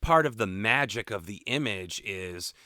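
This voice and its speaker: A man co-hosting a music podcast, his lowish voice bright and forward. He talks candidly and swears freely in relaxed chat. The sound is dry and close. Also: a little slow, no room sound. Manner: candid, profane, animated opinions. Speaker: podcast co-host. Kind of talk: casual chat.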